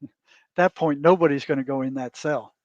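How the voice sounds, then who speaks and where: A man's voice: on the high side, steady tone, fairly quick, a little mellow, no room sound. A man guest, a therapist, telling a story in casual interview talk and often adding "you know" and "right?". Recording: dull lo-fi dry sound.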